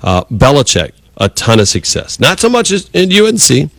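A man's voice: mid-range voice, huge pitch swings, normal speed, creaky, a bit bright, no room sound. A man hosting a sports talk radio show, chatting casually and rambling with restarts. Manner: rambling, conversational, many restarts.

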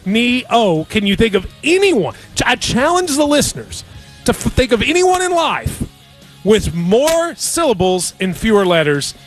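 A man's voice: very high voice, very animated, normal speed, faint music behind. A man hosting a sports radio show, bantering in a jokey, playful way.

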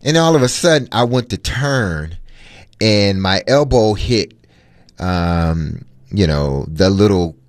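A man co-hosting a sports talk radio show, telling a chatty, animated story about his lunch. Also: fairly low pitch, slow, no room sound, studio quality. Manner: chatty, animated anecdote with fillers.

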